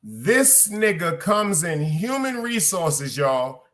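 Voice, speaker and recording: Animated storytelling New man. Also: a little high, slow. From Brooklyn, New York. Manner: animated, profane, repeats lines for emphasis, addresses listeners directly. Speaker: podcast host. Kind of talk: casual storytelling rant.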